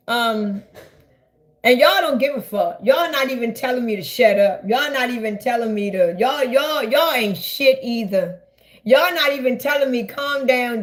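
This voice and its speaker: High-voiced woman ranting profanely on a live stream. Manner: loud, profane, rambling, talks straight to viewers. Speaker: livestreamer. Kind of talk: casual live-stream rant.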